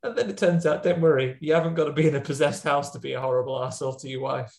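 A man's voice: fairly high pitch, very fast, vocal fry, a little mellow. A man in casual podcast chat, retelling a film's plot in a rambling, chatty way.

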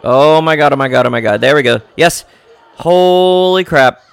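A podcast host giving live, jokey reaction commentary while watching a film, often exclaiming and gasping. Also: male voice, a little high, moderate pace, vocal fry, clear, resonant tone, no echo. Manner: jokey asides.

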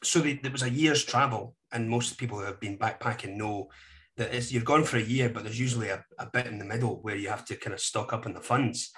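A man's voice: fairly low pitch, a little fast, a bit bright. A Scottish man in his forties, a podcast guest chatting casually and telling self-deprecating stories. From Scotland. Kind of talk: casual chat.

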